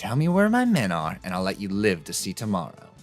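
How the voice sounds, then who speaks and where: A woman voicing a cunning, swaggering female pirate captain villain in a low, taunting way during a game let's play. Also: wildly swooping pitch, faint music behind, exaggerated voice. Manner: low, menacing, drawn-out taunting.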